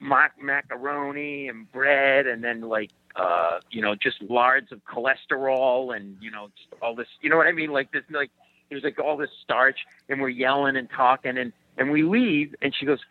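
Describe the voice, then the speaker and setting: A man, a comedian guest telling animated stories in casual chat and laughing along. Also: mid-range voice, moderate pace, dry recording, phone-quality sound. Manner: animated joke-telling storyteller, puts on voices and laughs.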